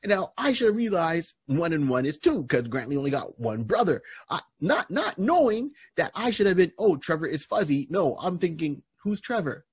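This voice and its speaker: A man from Barbados chats on a podcast and tells long stories, stumbling and restarting as he goes. His voice is husky and swings widely in pitch. The sound is dry and close. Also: moderate pace, no room sound. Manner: animated storyteller, many restarts. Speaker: podcast co-host and comedian. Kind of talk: casual podcast chat.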